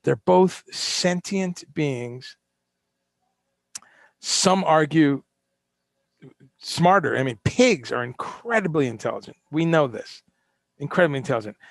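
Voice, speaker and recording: A man's voice: a little high, lively intonation, slow, gravelly, long pauses, dry recording, studio quality. A man hosting a live-streamed solo talk, ranting with passion, swearing and firing off rhetorical questions. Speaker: host.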